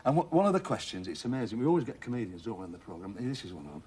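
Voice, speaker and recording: A man's voice: lowish voice, very animated, very fast, darkish tone, husky. A man hosting a TV game show, chatting and joking with contestants in a studio. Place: TV studio with a live audience.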